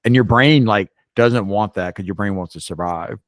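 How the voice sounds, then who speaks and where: A man's voice: on the low side, normal speed, no echo, studio quality. A man co-hosting a podcast, telling a story animatedly, often restarting his sentences. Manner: animated, restarts, rises sharply when quoting. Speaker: podcast co-host. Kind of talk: casual storytelling chat.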